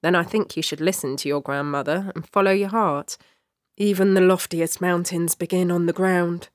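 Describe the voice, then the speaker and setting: A woman's voice: on the low side, fairly even intonation, normal speed, dry recording, clean studio sound, natural voice. A woman reading the lines of a sly young male street vendor who teases and speaks in riddles. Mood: teasing. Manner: teasing, cryptic.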